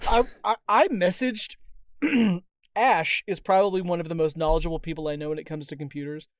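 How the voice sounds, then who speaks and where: A man co-hosting a casual movie review podcast, animated and joking. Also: a little high, brisk, no echo, clean studio sound. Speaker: podcast co-host.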